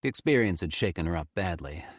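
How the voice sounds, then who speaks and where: A man reading a horror story aloud with expressive, tense storytelling. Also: low voice, quick pace, no room sound, studio quality. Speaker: audiobook narrator. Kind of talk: scripted horror narration.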